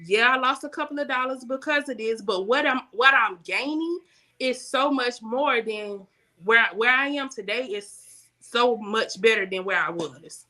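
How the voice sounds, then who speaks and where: Bright, lively young woman guest. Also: on the high side, a little slow. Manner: animated, laughs often, vernacular storytelling. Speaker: guest, business owner. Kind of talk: casual faith talk.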